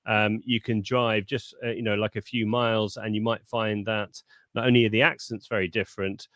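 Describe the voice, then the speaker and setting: A man from the south of England with a southern English accent, a guest on a live video call, speaking in a measured, polite way with many ums. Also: on the low side, flat delivery, a bit bright, no echo, studio quality. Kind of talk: conversational interview.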